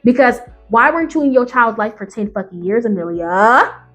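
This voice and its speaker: A woman's voice: a little high, animated, moderate pace, a bit bright, faint music behind. A woman YouTuber giving ranting reaction commentary on Reddit stories, profane and emphatic, firing off rhetorical questions.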